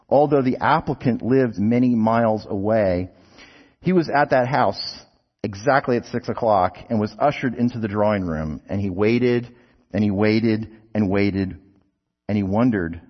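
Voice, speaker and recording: Male preacher, sermon, storytelling with asides, lowish voice, dull recording. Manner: storytelling, rhetorical questions, asides. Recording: dull, long hall reverb.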